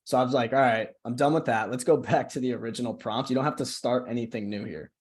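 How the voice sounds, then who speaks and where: A man's voice: medium pitch, steady tone, fast, breathy edge. A man giving a casual screen-share tutorial on a video call as a marketing coach, talking in a chatty way, often asking "right?" and restarting his phrases.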